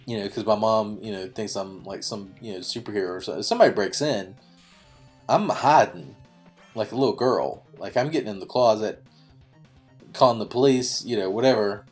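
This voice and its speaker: Talking over gameplay, a man who hosts a YouTube gaming channel tells a meandering story at his own expense, chatty and stuffed with "you know" fillers. He speaks at normal speed in a lowish, darkish voice, with soft music playing behind him.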